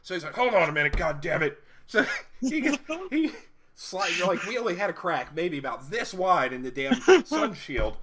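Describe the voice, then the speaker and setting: A man's voice: high voice, very animated, moderate pace, pushed and bright, slight background noise. A young man co-hosting a casual live stream, telling a profane road-trip story between laughs. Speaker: co-host.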